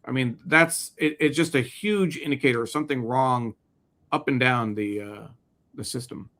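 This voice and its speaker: A man's voice: mid-range voice, normal speed, a bit bright. A man co-hosting a casual talk show, speaking hesitantly with many restarts as he weighs his thoughts. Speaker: co-host. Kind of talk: casual chat.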